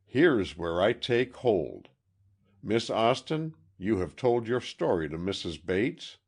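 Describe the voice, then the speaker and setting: A man's voice: on the low side, very animated, takes it slowly, slightly rough, voice pushed up, exaggerated voice. A man voicing a pushy domineering relative. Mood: insistent. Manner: insistent, domineering.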